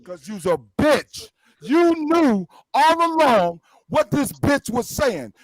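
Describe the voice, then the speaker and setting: A man's voice: very high-pitched, big pitch swings, slow pace, dry recording, poor audio. A man in a heated argument, cursing and ranting angrily. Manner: angry, profane ranting.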